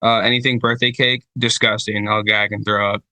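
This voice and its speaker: Guest spot: man from Michigan, casual rambling talker, swears a lot, bright forceful tone, slightly low voice, dry close sound. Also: little pitch movement, brisk, dry recording. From Michigan, United States. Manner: rambling storyteller, heavy swearing, many fillers. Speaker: podcast guest, band vocalist. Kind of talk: casual chat.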